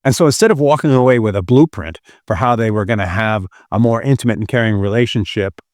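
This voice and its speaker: An earnest man with a fairly low voice tells a story to make a teaching point, leaning on key words for emphasis. He sounds like a relationship podcast host. The recording is dry, with no room sound. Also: fast, a little mellow, dry recording. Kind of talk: teaching through a retold story.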